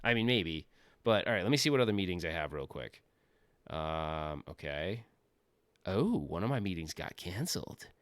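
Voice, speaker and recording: A man's voice: low voice, sing-song, normal speed, fairly bright tone, no echo. Rambling joking man on a dry mic. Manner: rambling, joking, self-deprecating, often laughing. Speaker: livestream host. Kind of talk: casual livestream chat. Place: home office.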